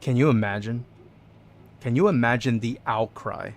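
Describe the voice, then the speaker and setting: On a desk mic, a man with a medium-pitched voice and a moderate pace streams a video game. He chats casually and jokes with viewers, greets chat, reads their messages aloud, and hums to himself, yelling when he gets excited.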